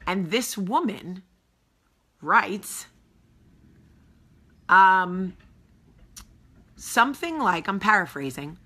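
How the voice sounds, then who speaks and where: Sassy, bright-voiced woman telling a story. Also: medium pitch, very slow, pauses often. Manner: animated storytelling, blunt and sassy. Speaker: host. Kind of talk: casual vlog monologue.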